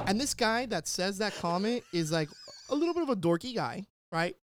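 A man telling a wild story in casual chat, animated and swearing, shouting out the lines he quotes. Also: high voice, a little fast, slight background noise. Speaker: podcast guest storyteller.

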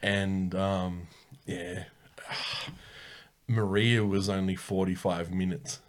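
A man's voice: low-pitched, flat delivery, very slow. An Australian man in his thirties, co-hosting a podcast in laid-back casual chat. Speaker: podcast co-host.

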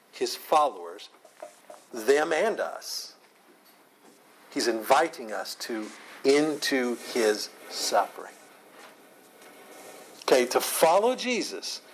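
A man teaching an informal Bible study. He is animated, often repeats and restarts words, and laughs a lot. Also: on the high side, a little hiss or hum, rough recording.

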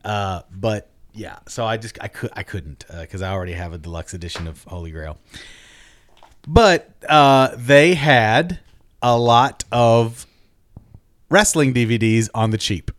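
A man hosting a casual podcast chat, talking in an animated, jokey way and swearing freely. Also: on the low side, unhurried, dry recording. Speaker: podcast host.

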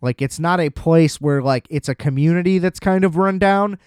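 A man's voice: a little high, moderate pace, a little mellow, clean tone, no echo. Chatty man recapping a film, dry sound. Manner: loose and chatty, heavy "like" fillers, blunt swearing. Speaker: film reviewer. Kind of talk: casual film plot recap.

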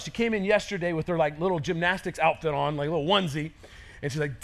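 A man in his thirties preaching a sermon as pastor, energetic and conversational, acting out quotes. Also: sits high, brisk, creaky.

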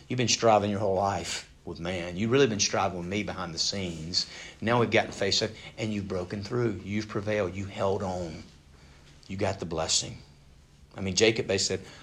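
A man preaching a sermon in a conversational way, swinging from loud, pressing emphasis to hushed, near-whispered asides. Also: fairly low pitch, brisk. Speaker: pastor.

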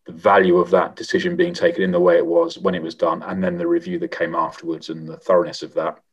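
A middle-aged man, a former member of parliament, answering interview questions in a measured, reflective way with frequent pauses and restarts. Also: low voice, flat delivery, slightly rough, highs cut off. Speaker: former MP, guest.

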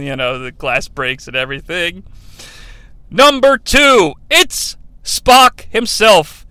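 A high-pitched man with a bright, crisp voice hosts a casual countdown show. He sounds enthusiastic, laughs often and drifts into asides, recorded dry and close with no room sound. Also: expressive, slow pace, no room sound.

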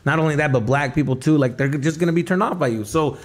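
Man, comedian guest, rapid-fire delivery, slightly high voice, swears a lot, casual slang. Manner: fast, profane, slangy storytelling. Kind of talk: casual podcast chat.

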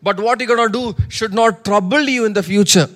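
A humble, wise woman pleads earnestly with a king, as a male preacher puts her on. She speaks in a high voice, in a sermon retelling of a scripture story. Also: fairly quick, a bit bright. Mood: pleading.

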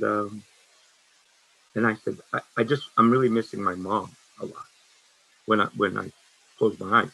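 A man in his sixties giving a frank, halting personal testimony at a meeting, with many restarts. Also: lowish voice, gravelly, pushed and bright, husky, rough recording. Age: 60s. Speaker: recovery speaker sharing his story.

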